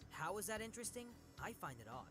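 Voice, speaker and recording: A man voicing a boastful, goofy young male detective with a cocky, excitable manner. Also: sits high, fast, music in the background, voice pushed up.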